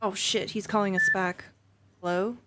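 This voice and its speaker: A woman's voice: medium pitch, fairly even intonation, normal speed, noisy background. A woman playing a tabletop roleplaying game, speaking tersely and matter-of-factly in character. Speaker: player.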